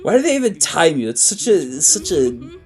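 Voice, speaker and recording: A man streaming a video game in casual commentary, exasperated and swearing, with sudden loud outbursts. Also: on the high side, sing-song, fairly quick, faint music behind.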